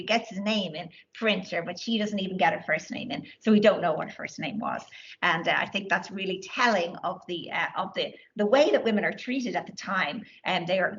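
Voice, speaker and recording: A woman's voice: on the low side, fairly bright tone, dull audio, a little hiss or hum. A woman giving a lecture and taking questions, talking with many fillers and restarts. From Ireland. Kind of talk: academic talk with audience questions. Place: lecture room.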